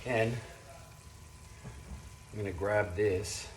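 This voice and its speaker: A man's voice: fairly low pitch, moderate pace, very noisy. A man hosting a cooking demonstration in his kitchen, talking in a playful, chatty way with jokey asides. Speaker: cooking show host. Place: home kitchen. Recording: echoey kitchen with clattering pans.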